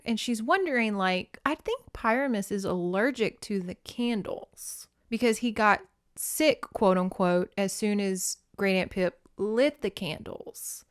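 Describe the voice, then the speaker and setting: A woman hosting a podcast, reading a children's novel aloud and commenting in a casual, expressive way with swearing. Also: medium pitch, measured pace, clear, resonant tone, no echo, studio quality. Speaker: podcast host.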